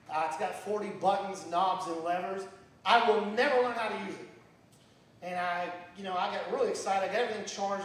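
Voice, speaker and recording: A man in his fifties with a Southern American accent, telling wry stand-up stories at an open mic in a bar. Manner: wry storytelling with lively swings in pitch. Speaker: stand-up comic. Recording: echoey bar recorded from far off.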